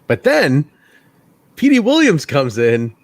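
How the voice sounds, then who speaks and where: A man's voice: a little high, wildly swooping pitch, slow pace, no echo. A man co-hosting a casual wrestling review, recapping segments, quoting lines and laughing often. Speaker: podcast co-host.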